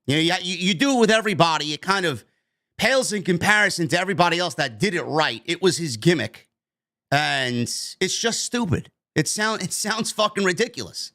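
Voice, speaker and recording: A man with a rather high voice rants about the news as a podcast host. He is emphatic and blunt and swears without holding back. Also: expressive, fairly quick, pushed and bright. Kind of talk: opinionated news rant.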